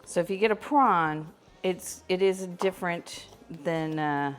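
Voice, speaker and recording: A woman with a slightly low voice talks through her cooking on a live stream. She chats casually, explains what she's doing, and laughs often, with faint music playing behind her. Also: measured pace.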